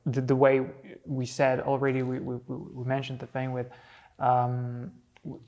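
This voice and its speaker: A man co-hosting a podcast, asking questions in a relaxed, conversational way. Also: mid-range voice, normal speed, highs cut off. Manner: asks questions, many short backchannels. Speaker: podcast co-host. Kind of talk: casual interviewing.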